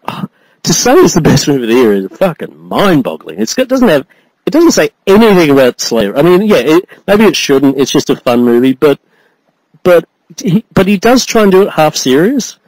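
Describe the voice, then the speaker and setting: A man's voice: a little high, moderate pace, no room sound, low-quality recording. A man co-hosting a podcast, ranting in a casual chat, swearing freely and breaking into laughter. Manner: animated, swearing, laughing rant. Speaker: podcast co-host.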